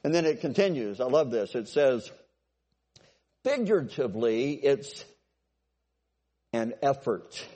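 Conversational preacher in a reverberant hall. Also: male voice, mid-range voice, big pitch swings, measured pace, long pauses, dark tone. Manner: conversational, repeats himself, asks the congregation if they follow. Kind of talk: sermon.

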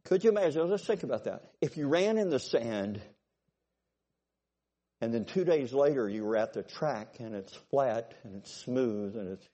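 A man preaching a sermon, telling stories and checking in with his congregation, swinging from loud bursts to low asides. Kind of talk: sermon with storytelling.

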